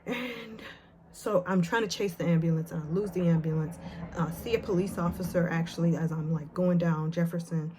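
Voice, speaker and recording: A woman vlogger retelling a painful memory, emotional and nervous, with halting speech full of fillers and restarts. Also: fairly low pitch, fairly even intonation, noisy background. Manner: retells scenes by acting out the quotes. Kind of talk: personal storytelling to camera.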